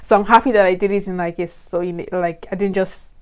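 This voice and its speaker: A woman's voice: on the low side, steady tone, brisk, a little mellow, smooth. A young woman from Nigeria, a vlogger telling a personal story in a chatty way and laughing often. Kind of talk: casual storytelling.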